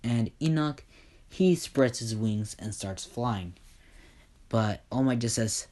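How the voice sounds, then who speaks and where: A man's voice: mid-range voice, expressive, slow pace, a little mellow. A man casually telling a fan-fiction story, rambling with lots of fillers.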